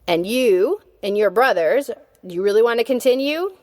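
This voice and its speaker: A woman voicing a steady, protective male animal in a storybook reading, speaking in a calm, reassuring way. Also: fairly high pitch, normal speed, dry recording, clean studio sound, pitched above the performer's own voice, natural voice.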